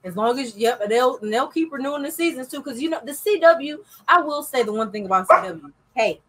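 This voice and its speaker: Give me a woman with a husky voice chatting as a podcast guest, relaxed and blunt. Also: high voice, brisk, poor audio. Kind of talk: casual chat.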